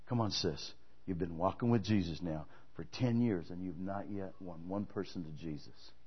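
A man's voice: sits low, moderate pace, few pauses, breathy edge, lo-fi sound. A male pastor preaching a sermon, telling stories and emphatically urging his congregation to act. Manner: emphatic, exhorting, storytelling preacher.

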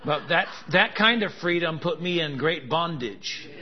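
A man's voice: fairly high pitch, expressive, unhurried. A man preaching a sermon, with joking, laughing asides and emphatic contrasts that build in intensity. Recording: dull lo-fi sound.

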